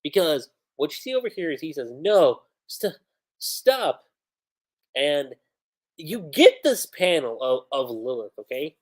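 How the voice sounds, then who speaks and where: A man's voice: on the high side, big pitch swings, normal speed. A man on a livestream, casually recapping and reading out comic panels, rambling with slangy asides. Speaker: livestream manga reviewer.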